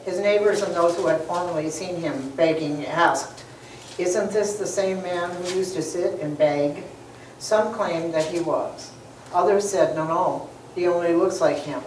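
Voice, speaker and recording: A woman in a class reading scripture aloud, quietly and with small halts. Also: fairly low pitch, a little slow, a little hiss or hum. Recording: distant, roomy room sound.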